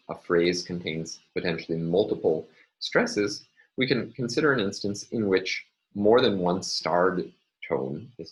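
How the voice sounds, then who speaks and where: Slow, deep-voiced male lecturer. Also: a bit bright, rough recording. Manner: measured, explanatory, with frequent ums. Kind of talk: recorded phonology lecture.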